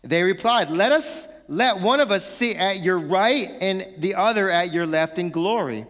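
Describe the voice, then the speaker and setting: A man, a pastor, preaching a sermon in a lively, playful way, acting out little scenes from home. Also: sits high, normal speed, in a large hall. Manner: animated, playful, acts out family quarrels.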